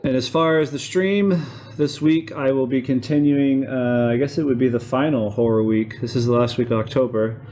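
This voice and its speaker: A man's voice: mid-range voice, normal speed, dark tone, a little hiss or hum. A young man hosting a podcast, chatting loosely and rambling about his streaming plans. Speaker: podcast host and game streamer. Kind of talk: casual podcast chat.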